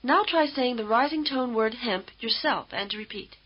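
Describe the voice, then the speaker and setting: A woman instructor giving measured, patient, scripted explanations in a language lesson. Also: on the high side, expressive, breathy edge. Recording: dull lo-fi old course tape.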